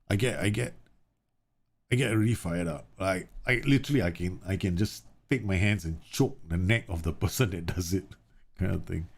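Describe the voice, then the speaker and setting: A man's voice: deep voice, vocal fry, husky. A man in his thirties, a game streamer, chatting casually and rambling animatedly through a live stream.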